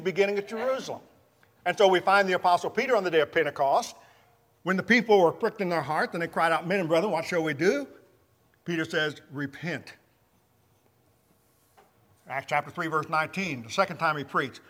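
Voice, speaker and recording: A man preaching a sermon, teaching from scripture in a measured, emphatic way. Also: high voice, a bit bright, long reverb tail.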